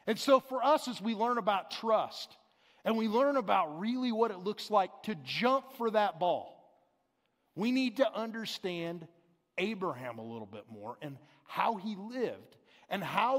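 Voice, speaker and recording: Unhurried male preacher with a high voice, long hall reverb. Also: expressive, a bit bright. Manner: conversational, explanatory preaching with paraphrased scripture. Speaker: pastor. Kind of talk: sermon. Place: large church sanctuary.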